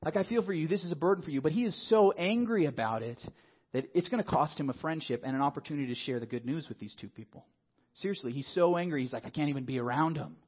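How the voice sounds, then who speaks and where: A man preaching a sermon in a lively, conversational way, often asking the congregation questions. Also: a little high, fast, husky, muffled recording. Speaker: pastor.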